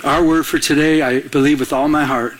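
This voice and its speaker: A man preaching a sermon as a pastor, telling a personal story with animated energy and laughing at himself. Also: a little high, brisk, a little hiss or hum.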